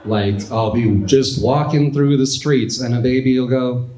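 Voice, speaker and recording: A young man in his twenties doing a stand-up comedy set with a dry, deadpan delivery in a club. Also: mid-range voice, unhurried, background noise. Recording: echoey club with audience laughter. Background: crowd laughter.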